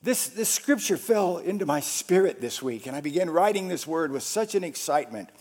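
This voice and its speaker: A male pastor preaching a sermon with dramatic swings between loud passages and hushed ones. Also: fairly high pitch, expressive, brisk, slightly rough.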